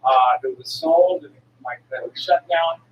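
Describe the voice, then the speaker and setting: A woman's voice: a bass voice, unhurried, muffled recording, noisy background. A woman in her sixties, a traveling herbal medicine seller, talking in a rambling, digressive monologue full of restarts and the odd blunt curse. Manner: blunt, occasionally profane. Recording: echoey room from some distance, faint ambience.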